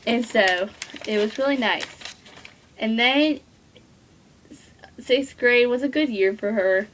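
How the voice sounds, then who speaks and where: Teen girl booktuber, fairly high voice, rambling and gushy, lots of "like", faint hiss on the recording. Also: slow, fairly bright tone, low-quality recording. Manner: rambling and gushing, full of "like" fillers. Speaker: book vlogger. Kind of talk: casual book review.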